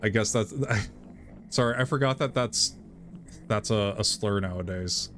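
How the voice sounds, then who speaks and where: A man's voice: fairly low pitch, unhurried, a bit bright, soft background music. A man streaming live, chatting casually between read-aloud passages, talking loosely with lots of restarts. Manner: chatty, full of restarts and fillers.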